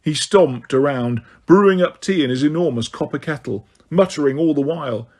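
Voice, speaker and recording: A man narrating a novel aloud in a steady, even storytelling voice. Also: a little high, moderate pace. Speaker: audiobook reader. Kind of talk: audiobook narration.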